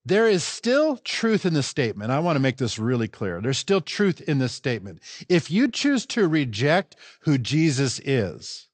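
Animated, emphatic male pastor preaching. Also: medium pitch, normal speed, hardly any pauses, no room sound. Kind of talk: sermon. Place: church.

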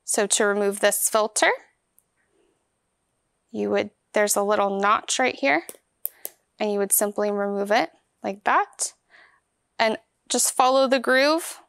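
A woman's voice: medium pitch, slow, gravelly, long pauses, a bit bright, clean tone, no echo. A woman giving a hands-on product demonstration, explaining each step in an upbeat, chatty way. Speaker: vacuum store product demonstrator.

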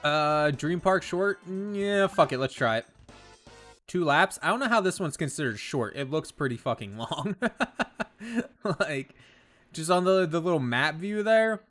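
A man's voice: on the high side, animated, unhurried, a bit bright, soft background music. A young man streaming a racing game from his bedroom, chatting casually, swearing often and laughing a lot. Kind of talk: casual gameplay commentary.

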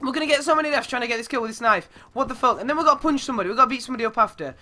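Young male gamer, high bright voice, swears and yelps, squeaky when excited. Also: very fast. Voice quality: goes squeaky when yelling. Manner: excitable, shouts and swears at the game. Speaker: gaming YouTuber. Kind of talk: live gameplay commentary.

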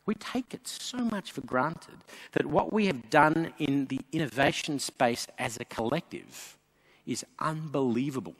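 A man giving an animated public speech from a stage. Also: fairly high pitch, normal speed. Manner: animated, anecdotal, emphatic. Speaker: speaker. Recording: long hall reverb.

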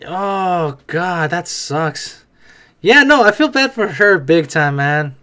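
A man's voice: sits high, sing-song, slow, sharp tone, smooth. A young man talking back at the screen in casual reaction commentary, chatty and swearing now and then. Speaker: reaction video host.

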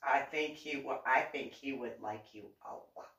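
A woman's voice: a bass voice, moderate pace, fairly bright tone. A woman voicing a starstruck neighbor woman who gushes and repeats herself. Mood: gushing. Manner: breathless, repeats herself, fawning. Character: gushing middle-aged woman neighbor, starstruck. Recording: roomy, distant mic.

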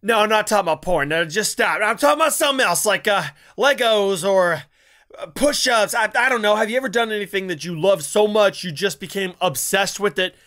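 A young man with a high, sharp and bright voice rambles through a casual reaction video. He talks crudely and keeps stumbling into restarts. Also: fairly quick. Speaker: YouTube reaction host.

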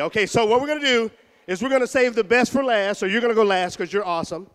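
Man from houston, high voice, loud teasing school-assembly entertainer. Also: quick pace, clear, resonant tone. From Houston, Texas. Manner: loud, teasing, calls out to the audience. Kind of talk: joking live show banter with a crowd. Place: middle school gym or auditorium.

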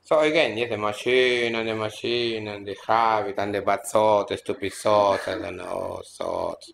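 A man as a spiritual teacher at a seminar, speaking in an earnest, admonishing way, with halting, repetitive phrasing and many restarts. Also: fairly low pitch, sing-song, vocal fry, a bit bright, a little hiss or hum. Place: seminar room at an ashram in India.

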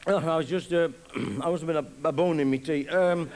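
A man's voice: fairly high pitch, steady tone, brisk, darkish tone. A middle-aged man telling a rambling stand-up story and acting out both sides of awkward chats. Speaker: stand-up comedian. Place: theatre stage before a live audience. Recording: live concert recording, audience noise.

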